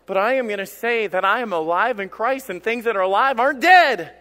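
A pastor delivers his sermon in a high, bright voice that rings through a church with a long reverb tail. He swings between loud declarations and quieter, low asides. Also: expressive, normal speed, hardly any pauses. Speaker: lead pastor. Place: church sanctuary.

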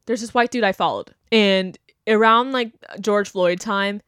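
A woman's voice: medium pitch, unhurried, fairly bright tone, clear, resonant tone, no echo, studio quality. A young woman hosting a podcast, talking bluntly and animatedly in casual opinion chat, mocking the people she quotes. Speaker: podcast host.

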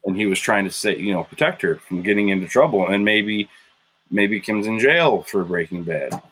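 A man's voice: fairly low pitch, lively intonation, moderate pace, a bit bright, slight background noise. A man from Illinois, co-hosting a casual podcast chat about a TV show and rambling as he tells stories. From Wilmington, Illinois, USA. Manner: rambling, repeats himself while telling stories. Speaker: podcast co-host.

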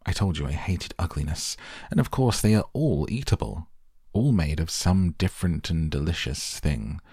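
A man voicing an eccentric, excitable male chocolate maker in an audiobook, gushing in theatrical bursts. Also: deep voice, breathy edge, no room sound, studio quality. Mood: delighted. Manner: gushing, theatrical, quick enthusiastic patter. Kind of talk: audiobook character voice.

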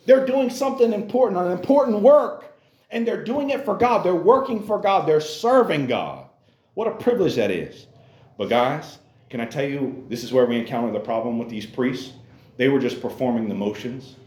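A man's voice: fairly high pitch, animated, normal speed, a little mellow. A man preaching a sermon to young people in a church, earnest and repetitive, calling out to his listeners again and again. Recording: roomy echo.

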